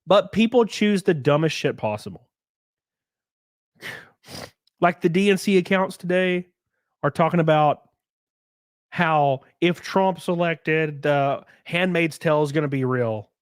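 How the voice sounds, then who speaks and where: A man hosting a livestream, reading viewer donations and ranting in a profane, excitable way. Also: a little high, measured pace, long pauses, no room sound, clean studio sound. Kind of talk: casual livestream chat and rant.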